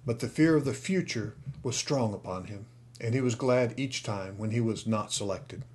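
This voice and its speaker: A man narrating an audiobook in a mid-pitched voice. His reading is dramatic, and it swells in volume during the fight scenes. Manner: dramatic, louder in action scenes.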